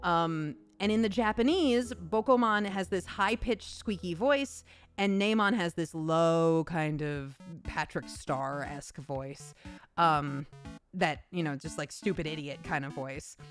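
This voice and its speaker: A woman's voice: fairly low pitch, measured pace, faint music behind. A woman voice actor chatting casually and animatedly, acting out little quotes and swearing freely. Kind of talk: casual chat.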